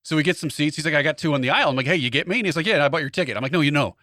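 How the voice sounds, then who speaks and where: A man's voice: fairly high pitch, rapid-fire, dry recording, studio quality. A man co-hosting a podcast, a comedian telling a story in casual chat, acting out the quotes. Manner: animated, acts out quotes in other voices.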